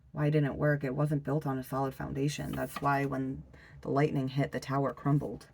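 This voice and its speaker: A tarot reader talks through a spread in a loose, conversational way, with plenty of "um"s and pauses. The voice has a gravelly, creaky texture at a middling pitch. The delivery is blunt and now and then slips in a swear word. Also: level tone, darkish tone, a little hiss or hum. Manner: loose and unhurried, frequent fillers and trailing pauses. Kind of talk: casual tarot reading.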